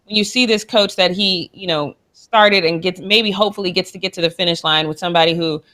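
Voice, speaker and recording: A woman's voice: fairly low pitch, a little fast, sharp tone. A woman co-hosting a sports talk show, gushing and emotional, with sassy trash talk. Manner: gushing and emotional, with frequent laughs. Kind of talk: casual sports chat.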